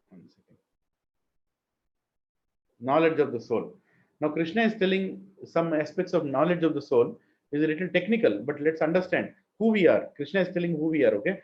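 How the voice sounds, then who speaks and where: A man with an Indian English accent teaching a scripture class, chanting Sanskrit verses and asking the class questions. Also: mid-range voice. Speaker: spiritual teacher. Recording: muffled lo-fi room recording.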